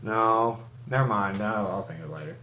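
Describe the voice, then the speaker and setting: A man's voice: lowish voice, normal speed, sharp tone. Give me a young man casually recapping a story, rambling and restarting often. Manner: rambling, with many restarts and fillers. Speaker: fan recapping a comic. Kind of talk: casual chat.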